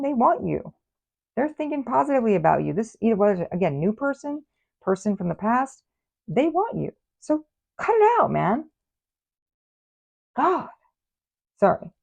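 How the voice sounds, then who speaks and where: A woman with a medium-pitched, somewhat dark voice and some vocal fry gives her viewers a casual tarot reading. She's chatty and playful, teasing them with mock scolding.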